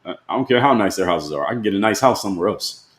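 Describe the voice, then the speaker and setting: A man's voice: fairly low pitch, lively intonation, fast talker, echoey room. A man hosting a live-stream, talking plainly and pressing his point with repeated rhetorical questions. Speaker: host.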